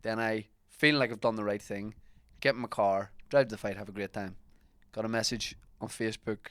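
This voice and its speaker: A man's voice: fairly low pitch, fairly even intonation, a little fast, no echo. Man telling a rambling story. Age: young adult. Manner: rambling anecdotes, self-mocking, laughs at himself. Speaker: podcast co-host. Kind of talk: casual storytelling chat.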